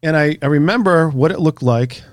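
A man, an author and researcher, telling a story in a casual interview, animated and casually swearing. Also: fairly high pitch, a little fast, dry recording, clean studio sound.

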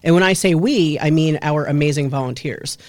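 A woman's voice: sits low, fairly quick, a little mellow, no echo. A woman from New York, a guest in a studio interview, explaining her nonprofit work in an upbeat, easy manner. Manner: upbeat, laughs easily. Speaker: guest, nonprofit regional head. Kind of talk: interview answers.

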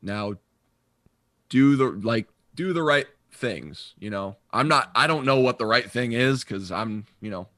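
A man's voice: mid-range voice, expressive, a little slow, sharp tone, no echo, clean studio sound. A man in casual podcast chat, opinionated and emphatic, often stumbling and restarting his sentences.

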